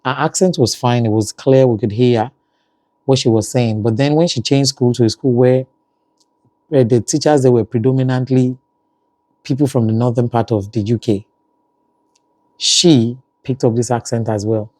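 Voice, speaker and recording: A man's voice: mid-range voice, fairly even intonation, moderate pace, long pauses, mellow, no echo. A man with a Nigerian accent, talking casually in a family vlog and often saying "you know". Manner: conversational, frequent "you know" fillers. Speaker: family vlogger.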